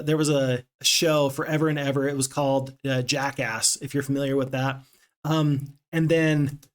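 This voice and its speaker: Chatty, expressive male game streamer. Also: a little high. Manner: chatty and expressive, reacts to viewer chat with frequent exclamations. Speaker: streamer playing a strategy game. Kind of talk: casual live-stream chat.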